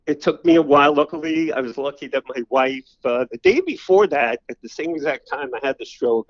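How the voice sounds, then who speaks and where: An older man, a podcast guest telling personal stories in a loose, rambling way full of "you know" fillers. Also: mid-range voice. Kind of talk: casual storytelling interview. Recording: slightly dull lo-fi audio.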